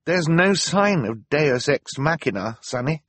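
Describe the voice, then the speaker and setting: A man voicing a tearful teenage girl who speaks softly and sadly. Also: a little high, animated, a little slow, dry recording, voice pushed up.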